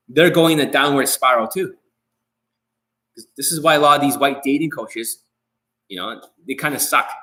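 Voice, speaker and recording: A man gives a live-streamed dating coaching talk in a voice of ordinary middle pitch. He is blunt and curses freely, speaking straight at his viewers. He hammers points home by repeating phrases. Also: pushed and bright, rough recording. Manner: repetitive, says key phrases again.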